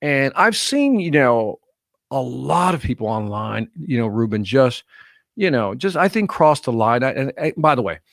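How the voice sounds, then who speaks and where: Energetic middle-aged man telling stories. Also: mid-range voice, normal speed, creaky, no room sound, clean studio sound. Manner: energetic, earnest storyteller. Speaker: guest, motivational speaker. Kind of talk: casual podcast interview.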